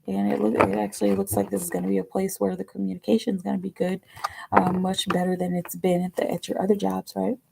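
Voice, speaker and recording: A woman's voice: mid-range voice, flat delivery, fast talker, gravelly, noisy background. A woman giving a chatty live-stream tarot reading, rambling with lots of fillers and dropping now and then into whispered asides. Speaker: tarot reader.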